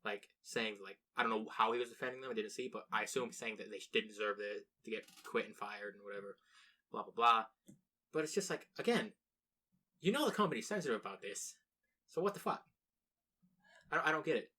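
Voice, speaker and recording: A young man co-hosts a casual podcast chat, his fairly low voice fast, bright and forceful. He rambles, restarts his sentences and swears freely.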